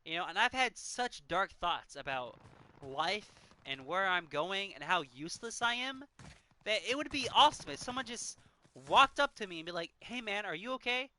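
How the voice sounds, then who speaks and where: A man's voice: high-pitched, lively intonation, normal speed, bright, forceful tone. A man in his thirties, a game streamer talking earnestly and emotionally, choked up and sighing often. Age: 30s. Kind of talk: casual chat while gaming.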